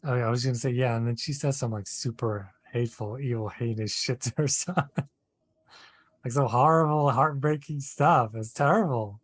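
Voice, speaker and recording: A man's voice: medium pitch, normal speed, slightly rough, no echo. A man co-hosting a casual chat, hesitant and full of fillers, laughing often. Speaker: podcast co-host.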